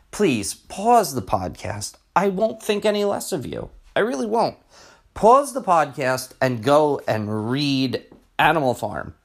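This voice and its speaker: Chatty middle-aged man, lively pitch. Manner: rambling and chatty, with many fillers and restarts. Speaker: middle school teacher and podcast host. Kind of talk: casual solo podcast monologue.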